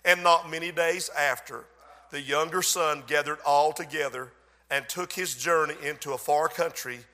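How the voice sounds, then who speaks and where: A man preaching a sermon and praying, dramatic in delivery, swelling loud and dropping soft, slowing down to stress key words. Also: fairly high pitch. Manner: dramatic, swells and drops in loudness, slows for emphasis. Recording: long hall reverb.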